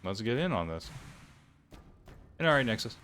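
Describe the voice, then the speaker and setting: Low-voiced man streaming a game. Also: very animated, moderate pace, a bit bright, faint music behind. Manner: reads in-game text aloud, stumbles on words. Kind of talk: casual gameplay commentary.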